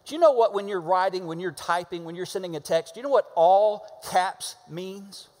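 A pastor preaching a sermon, animated and conversational, asking the congregation to repeat words with him and punching key words hard. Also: male voice, high-pitched, moderate pace, big-room sound. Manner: animated, with sudden shouted emphasis and call-and-response.

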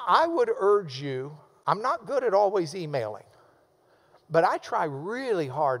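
A man's voice: high voice, big-room sound. A man preaching a sermon as pastor, enthusiastic and emphatic, with playful asides.

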